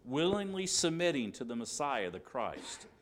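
A man's voice: medium pitch, sing-song, normal speed. A man preaching a sermon at a church service, emphatic and repeating key phrases, acting out quoted dialogue with drama.

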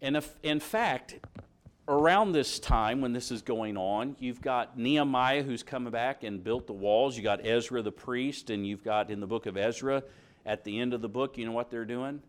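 A man's voice: medium pitch, normal speed. A middle-aged man preaching a sermon, reading scripture aloud and asking his congregation questions.

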